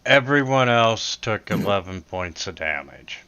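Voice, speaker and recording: A man running a tabletop game as game master, halting and filling pauses with "uh". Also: fairly low pitch, animated, sharp tone, clean tone. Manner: halting, with many filler sounds. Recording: dull lo-fi recording.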